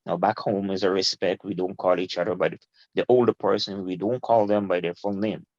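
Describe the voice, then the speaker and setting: A middle-aged man, a guest telling his story in an animated, informal way and laughing easily. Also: deep voice, brisk, no room sound. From Guyana. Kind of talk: casual interview storytelling. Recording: dull lo-fi, dry.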